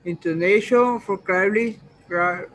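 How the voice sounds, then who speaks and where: A male student whose first language is Spanish reading English sentences aloud haltingly in class. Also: high-pitched, a bit bright, poor audio.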